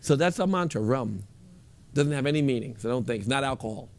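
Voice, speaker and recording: Gravelly-voiced man teaching meditation. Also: mid-range voice, fairly quick. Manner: relaxed, instructive, repeats phrases. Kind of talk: guided meditation with a live group.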